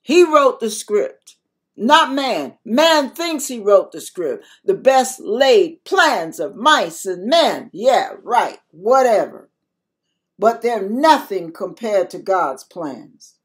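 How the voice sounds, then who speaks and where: Slow, emphatic older woman preaching. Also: mid-range voice, sing-song. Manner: emphatic, repetitive, exhorting. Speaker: christian video preacher. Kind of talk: spoken devotional sermon.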